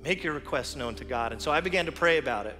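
Male pastor, bright voice, earnest storytelling sermon, echoing church hall with soft music behind. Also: mid-range voice, expressive, fast talker. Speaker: teaching pastor. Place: church sanctuary.

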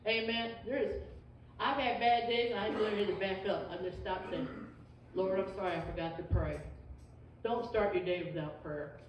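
A woman's voice: mid-range voice, moderate pace, slight background noise. A woman teaching Sunday school in a folksy, emphatic way, often saying amen. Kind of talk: informal church teaching. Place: church sanctuary. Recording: distant echoey church recording, dull.

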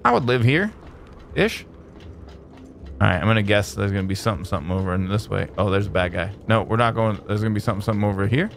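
A man hosting a let's play, giving excitable, jokey gameplay commentary that jumps to high exclamations. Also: fast talker, vocal fry, a little hiss or hum.

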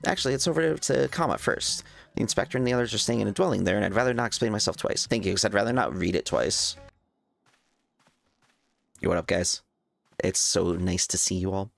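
A man's voice: on the low side, a little fast, creaky, a bit bright, dry recording. A man streaming a game and reading its dialogue aloud in a playful, jokey way. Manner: playful, laughing, jokey asides. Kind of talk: casual let's-play reaction, reading dialogue aloud.

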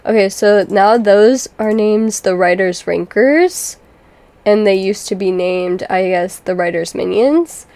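A woman's voice: mid-range voice, unhurried, creaky, dark tone, no room sound. A woman chatting casually to her viewers about game lore, with lots of fillers and asides to the audience. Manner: chatty, filler-heavy, keeps addressing viewers. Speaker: gaming video creator.

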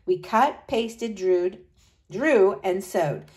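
A woman reading a children's Christmas story aloud, with lively delivery and high excited lines for the children. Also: very slow, rough recording. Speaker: storybook narrator. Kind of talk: storybook read-aloud narration.

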